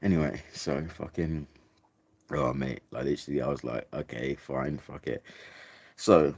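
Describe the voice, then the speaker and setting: A man's voice: rumbling low, fairly even intonation, normal speed, creaky, a little mellow, husky, no room sound. A young English man casually telling a rambling, sweary story about a trip, full of "like" and "mate". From England. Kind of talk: casual anecdote.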